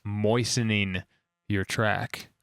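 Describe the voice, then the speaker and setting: Slow-talking bright-voiced guy joking around. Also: lowish voice, steady tone, vocal fry, smooth, no room sound, studio quality. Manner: joking, laughs often, puts on silly moaning voices. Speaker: podcast co-host. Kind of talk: casual chat.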